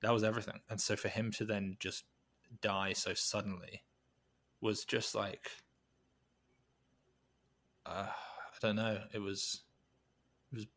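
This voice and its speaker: Low-voiced man musing in an interview. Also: little pitch movement, a bit bright. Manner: thoughtful, halting, many restarts and fillers. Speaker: podcast guest, weightlifting coach. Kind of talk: reflective conversational interview.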